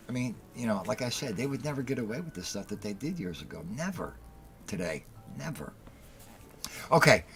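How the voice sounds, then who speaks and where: Deep-voiced, blunt middle-aged male host. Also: husky. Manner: heated storytelling, blunt and profane, repeats himself for emphasis. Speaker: talk show host. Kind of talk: casual call-in show monologue.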